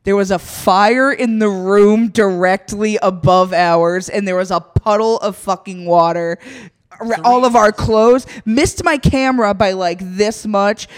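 A woman telling a story in casual chat, swearing heavily and animated, often breaking into laughter. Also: mid-range voice, measured pace.

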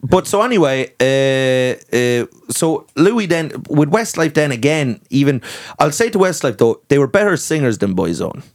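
A man's voice: mid-range voice, very animated, moderate pace, few pauses. An Irish man in casual comedic podcast chat, telling joking stories, swearing and putting on voices for the people he quotes. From Ireland. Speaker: podcast guest.

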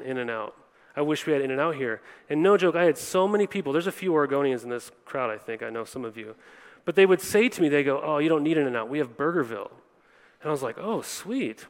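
A man preaching a conversational sermon to a congregation, often acting out what people say. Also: high-pitched. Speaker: pastor. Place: church hall before a congregation. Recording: long reverb of a large hall.

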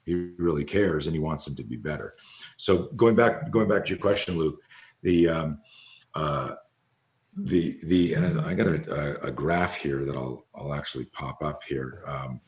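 A deep-voiced older man talks in a loose, rambling way, swearing now and then and slipping into the voices of people he quotes. His voice rings out in an echoey room. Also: normal speed. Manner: rambling storyteller who swears freely and acts out quotes. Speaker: podcast guest, fear coach. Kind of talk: casual conversation.

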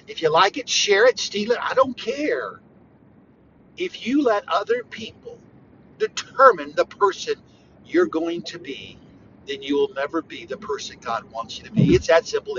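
Emphatic, high-pitched man preaching. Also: lo-fi sound, slight background noise. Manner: emphatic and repetitive, with sudden bursts of loud emphasis; conversational, talks straight to the listener. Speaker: preacher hosting a podcast. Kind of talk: informal devotional podcast talk.

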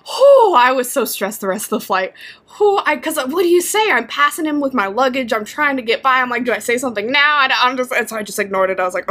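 A woman's voice: sits high, fast. A woman co-hosting a casual chat, telling stories with lots of laughter and acted-out reactions. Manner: animated, laughs often, acts out her own reactions.

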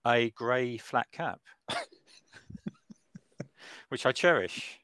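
A man's voice: mid-range voice, very slow, fairly bright tone, smooth, dry recording. A middle-aged man hosting a casual podcast chat, laughing often. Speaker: podcast host.

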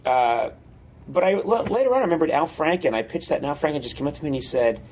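Slight background noise accompanies this man's quick, higher-pitched voice. As a guest comedian being interviewed, he tells casual stories with lots of energy, performing scenes and letting out sudden yelps.

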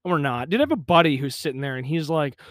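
A podcast host, male, with a slightly high, expressive voice, talks fast and rants angrily on his own, swearing constantly. He records in a small pump house on a podcast microphone, yet the sound is clean and studio-like with no room sound.

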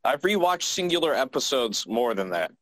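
A man's voice: mid-range voice, sing-song, a bit bright, no echo, low-quality recording. Reflective man in a dry room. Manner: reflective, halting. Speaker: podcast co-host. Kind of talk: casual chat.

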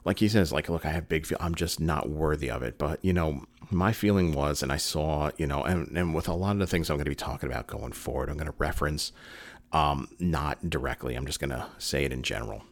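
A man with a fairly quick bass voice gives casual video commentary on a dry recording. He's earnest and rambling, full of fillers and restarts, and at times gets emotional and choked up.

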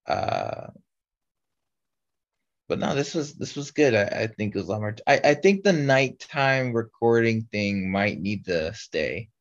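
Young male podcast co-host, rambling casual chat, mid pitch, lo-fi sound. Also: animated, unhurried. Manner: rambling, many fillers and restarts. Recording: slightly dull lo-fi audio.

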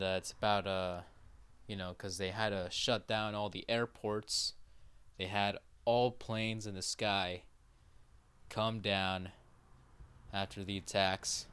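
A man's voice: low voice, a bit bright, smooth. A man hosting a podcast in a casual monologue, rambling with many fillers, casual swearing and repeated checks of "right?". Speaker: podcast host.

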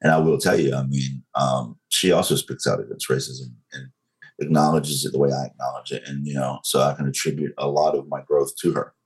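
A man in his forties from North Carolina with a Southern accent, telling his story as an interview guest in a slow, controlled, frank way. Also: a bass voice, fairly even intonation, low-quality recording.

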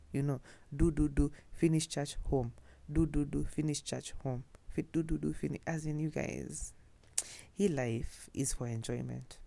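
A woman's voice: extremely low pitch, vocal fry, dark tone, no echo. A young Kenyan woman chatting casually and telling personal stories, mixing in Swahili phrases and laughing often. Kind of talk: casual storytelling.

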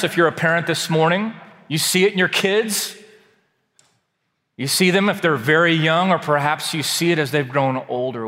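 Pastor preaching in a reverberant church. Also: male voice, medium pitch, a bit bright. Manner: dramatic reading, slowing for emphasis. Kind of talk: scripture reading and sermon. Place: large church sanctuary. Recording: long hall reverb.

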